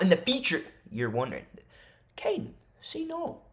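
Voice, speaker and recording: A man talking to camera in a casual fight-prediction vlog, rambling like an animated fan and jokingly insisting his made-up leaks are real. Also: mid-range voice, a little slow, long pauses, a little hiss or hum. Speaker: MMA YouTuber.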